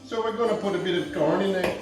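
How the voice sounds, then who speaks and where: An Irish man hosting a comic home cooking show, rambling through jokey, deadpan asides in his kitchen. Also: high voice, quick pace, heavy reverb, music in the background, rough recording.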